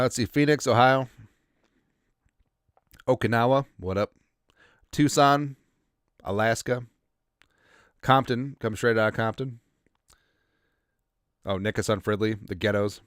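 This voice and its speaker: A man hosting a casual sports livestream, rambling as he reads out viewer shout-outs, a little congested. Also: mid-range voice, clear, resonant tone, dry recording, clean studio sound. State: congested, coughing. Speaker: podcast host.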